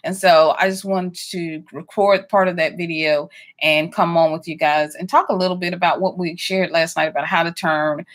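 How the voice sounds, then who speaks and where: A woman's voice: lowish voice, fairly even intonation, moderate pace. Chatty woman hosting a livestream. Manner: warm greetings to viewers, frequent ums and laughs. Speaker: livestream host. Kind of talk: casual livestream chat.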